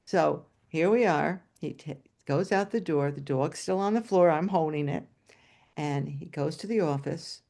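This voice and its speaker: Older woman telling a lively story. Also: deep voice, a little slow, gravelly. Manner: animated, acts out voices, asides to listeners. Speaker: storyteller, former teacher. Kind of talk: spoken storytelling to an audience. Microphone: video call.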